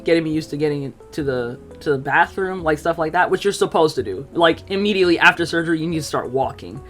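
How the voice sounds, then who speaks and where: Chatty woman telling a casual story. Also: fairly low pitch. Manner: chatty and animated, many fillers, acts out quotes. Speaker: streamer telling a personal story.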